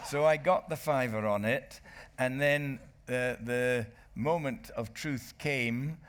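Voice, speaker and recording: An older man, a rugby commentator and author, telling anecdotes to a live audience as a festival guest, lively and chuckling. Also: medium pitch, slow pace, clean tone. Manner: lively raconteur, chuckling, bursts into re-enacted commentary. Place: book festival stage.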